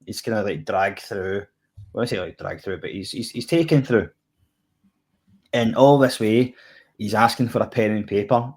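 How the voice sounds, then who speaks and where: A man's voice: fairly low pitch, normal speed, long pauses, a little mellow, breathy edge. A Scottish man co-hosting a chat about a TV episode, talking loosely with lots of fillers. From Scotland. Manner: rambling, filler-heavy, lots of "kinda" and "like". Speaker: podcast co-host reviewing TV. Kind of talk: casual chat.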